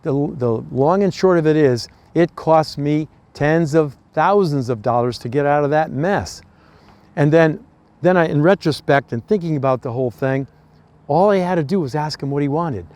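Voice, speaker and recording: A man's voice: a little high, moderate pace, a little mellow. Earnest folksy older man. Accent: American East Coast. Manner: folksy, earnest storytelling with restarts. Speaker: host. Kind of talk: casual advice talk.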